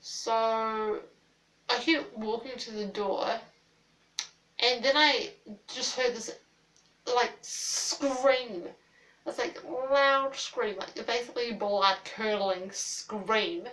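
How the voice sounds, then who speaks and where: A woman's voice: fairly high pitch, fairly even intonation, very slow, a bit bright, far from the mic. A woman telling a ghost story in a casual storytime vlog, rambling with lots of "like" fillers and casual swearing. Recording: roomy, a little off-mic.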